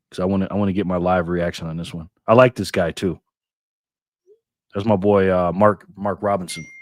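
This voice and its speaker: An older man hosting a casual live stream, loudly greeting viewers by name and muttering to himself while he fiddles with his phone. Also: low-pitched, no echo, studio quality. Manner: loud upbeat shout-outs, drops to mutters while fiddling with phone.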